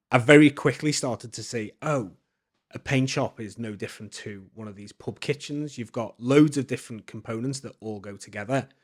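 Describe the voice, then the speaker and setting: A man, a podcast guest telling stories casually, with many fillers and restarts. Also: mid-range voice. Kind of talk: casual storytelling.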